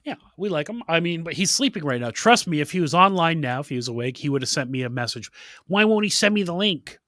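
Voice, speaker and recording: Man, livestream host, teasing, sarcastic, higher-pitched, tense bright voice. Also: lively intonation, fast talker, dry recording, studio quality. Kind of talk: casual livestream chat.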